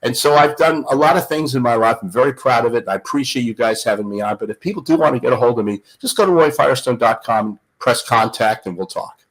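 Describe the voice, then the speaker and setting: A man's voice: medium pitch, quick pace, few pauses, poor audio. An older man, a guest on the show, telling stories in a dramatic, emphatic way. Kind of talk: animated storytelling.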